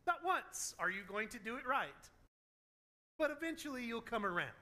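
A man voicing a male teacher who gently teases a stubborn follower, in a slow, drawn-out, wry way. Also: extremely high pitch, sing-song, full character voice. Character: teasing male teacher addressing a stubborn disciple.

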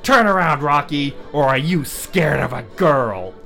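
A man's voice: on the high side, animated, measured pace, vocal fry, bright, forceful tone, soft background music, voice pushed up, heavily acted. Man putting on a plucky young superheroine. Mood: taunting. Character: girl superheroine, brave and plucky.

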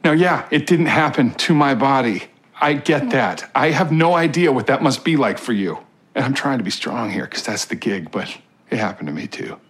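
Brief: actor as a steady, devoted husband, TV drama, earnest, pleading delivery. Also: male voice, mid-range voice, moderate pace, natural voice. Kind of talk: TV drama acting.

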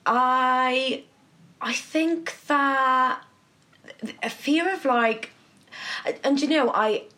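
A young Welsh woman, a guest on a podcast, talking in casual chat with animated, sing-song storytelling. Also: high voice, very slow. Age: young adult.

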